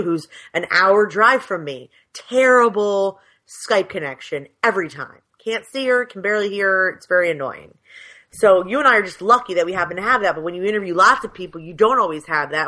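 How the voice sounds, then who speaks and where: Speaking through a headset on a video call, this woman co-hosts a podcast with chatty, candid, meandering talk. Her voice sits on the low side and comes across pushed and bright.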